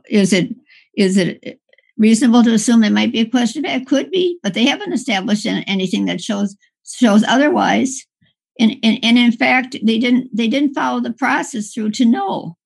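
A woman attorney making an impassioned oral argument before a court, halting and restarting often. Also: medium pitch, creaky, slightly rough. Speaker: appellate attorney.

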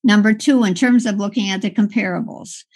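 A woman attorney making an impassioned oral argument before a court, halting and restarting often. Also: medium pitch, darkish tone. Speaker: appellate attorney.

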